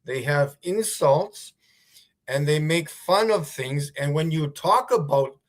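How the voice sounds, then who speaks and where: Man, livestream host, slow drawl, sarcastic, rambling, lots of ums and uhs. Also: a little high, expressive. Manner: sarcastic, rambling, many fillers. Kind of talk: casual livestream commentary.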